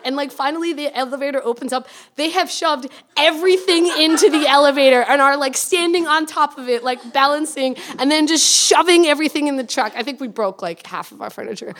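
A young woman with a high voice tells a chaotic personal anecdote. Her speech is quick and loose, packed with filler words and cursing. She is animated throughout. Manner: rapid, filler-heavy, animated and swearing. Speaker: storyteller. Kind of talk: casual spoken anecdote.

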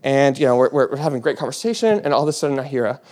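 A man's voice: mid-range voice, lively intonation, very fast, background noise. A young man telling a personal story on stage, rambling with many fillers and restarts and laughing as he goes.

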